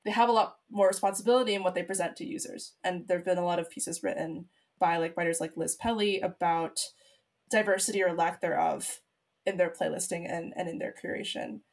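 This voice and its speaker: A woman's voice: fairly low pitch, fairly even intonation, fairly quick, gravelly. A woman interviewer asking long, thoughtful, winding questions. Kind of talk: interview conversation.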